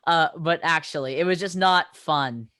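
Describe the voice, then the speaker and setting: A man's voice: fairly high pitch, normal speed, pushed and bright, clean tone, no room sound. A teenage boy hosting a casual podcast chat, steering topics with many fillers. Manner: leads the talk, many fillers. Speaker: podcast host.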